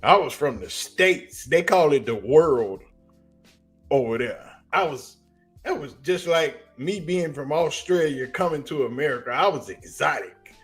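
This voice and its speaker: A man with a Southern US accent giving a casual, animated sports commentary on a livestream, telling stories in slang. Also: a little high, measured pace, soft background music.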